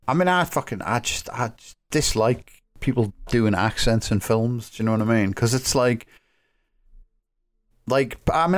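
Rambling, foul-mouthed man chatting. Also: fairly low pitch. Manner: rambling, heavy swearing and filler words. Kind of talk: casual chat among friends.

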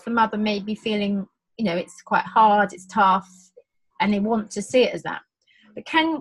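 A middle-aged woman, a birth educator, explaining labour in casual conversation, animated, acting out quotes with many restarts. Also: medium pitch, husky, low-quality recording.

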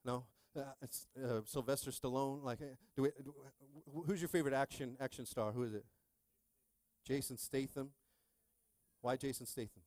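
A male pastor in his thirties preaching a sermon, calling out to the congregation and swinging from quiet asides to shouting. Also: medium pitch, steady tone, moderate pace, no room sound.

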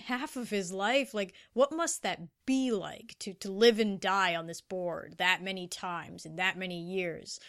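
Chatty woman with a smooth voice. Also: medium pitch. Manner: animated, with many fillers and restarts. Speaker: podcast co-host. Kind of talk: casual chat recapping anime episodes.

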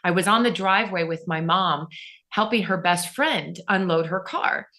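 A middle-aged woman telling a personal story as an interview guest, earnest and animated, often turning to the host. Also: on the low side, normal speed.

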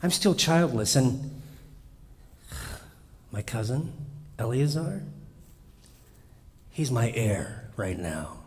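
A man's voice: medium pitch, big pitch swings, drawn-out words, long pauses, a little mellow, exaggerated voice. A preacher voicing Abram as an anxious, complaining old man who stammers and pleads, in a hall with a long reverb. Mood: whiny.

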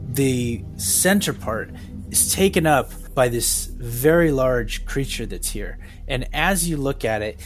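Rambling New game master. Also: male voice, mid-range voice. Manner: loose, rambling description with many fillers. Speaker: game master and podcast host. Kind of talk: narrating a tabletop game.

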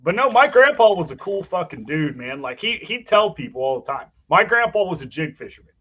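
A man's voice: high-pitched, big pitch swings, a little fast, bright, forceful tone, breathy edge. A man hosting a podcast, telling a long rambling story in casual chat and swearing freely. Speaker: podcast host.

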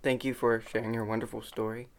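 A young man co-hosting a casual faith podcast, earnest and a bit halting. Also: on the low side, level tone. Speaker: podcast co-host.

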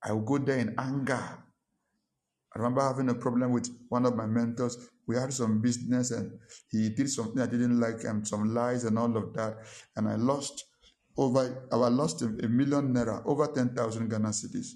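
A pastor preaching a sermon, telling a personal story and driving points home by repeating short phrases. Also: male voice, mid-range voice, steady tone, moderate pace, darkish tone.

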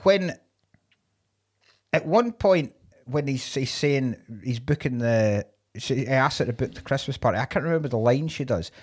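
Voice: medium pitch, expressive, moderate pace, darkish tone, slightly rough. A podcast co-host chatting bluntly about films, often swearing. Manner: blunt, swearing, laughing asides. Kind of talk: casual film chat.

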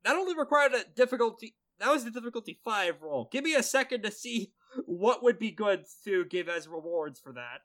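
Animated, high-voiced male game master. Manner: lively, swearing, quick to laugh. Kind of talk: narrating a tabletop game.

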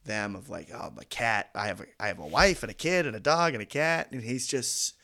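A man co-hosting a podcast, talking casually and excitedly about a film, laughing often and swearing now and then. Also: medium pitch, a little fast, creaky. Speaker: podcast co-host.

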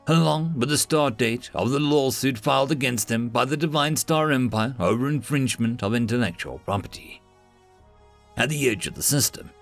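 Gravelly man narrating a comedic story. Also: medium pitch, no echo. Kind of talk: scripted narration. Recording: dry close mic, faint music.

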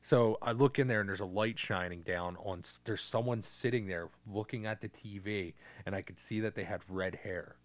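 A man's voice: lowish voice, moderate pace, few pauses. A young adult man co-hosting a podcast, telling a story in laid-back casual chat with frequent swearing and "uh" fillers. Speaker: podcast co-host.

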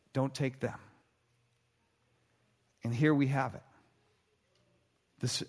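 A man preaching a sermon in an earnest voice, slowing down and pausing for dramatic emphasis. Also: fairly high pitch, big-room sound. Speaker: pastor.

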